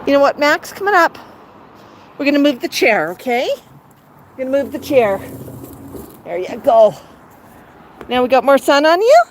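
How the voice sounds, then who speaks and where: A middle-aged bird owner livestreams from a residential neighborhood, sweet-talking her pet bird in a sing-song tone. She speaks at normal speed in a high, very animated voice, leaving long pauses, and there's slight hiss or hum.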